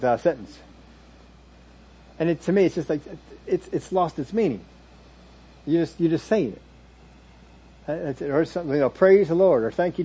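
A man's voice: fairly high pitch, mellow, husky. A man preaching a sermon in a conversational teaching manner, now and then mimicking churchgoers in quoted asides.

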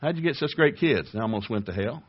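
A man's voice: mid-range voice, lively intonation, fast, slightly rough, muffled recording. A man preaching a folksy, humorous sermon, firing off rhetorical questions, chuckling, and acting out little dialogues. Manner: plays out little dialogues, raising his voice for the voices of others.

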